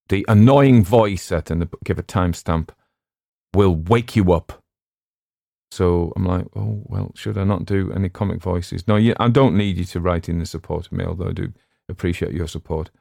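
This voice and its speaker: A man's voice: deep voice, gravelly, warm tone, dry recording, studio quality. A man with a West Cumbrian English accent, chatting casually and digressively as a podcast host and audiobook narrator. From West Cumbria, England. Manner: chatty, digressive, self-deprecating. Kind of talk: casual rambling chat.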